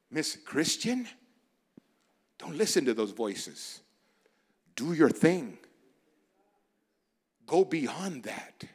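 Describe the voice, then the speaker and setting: Male preacher, sermon, lively swooping pitch, slightly higher voice, quiet asides to loud urging. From barrio in the United States. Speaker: pastor.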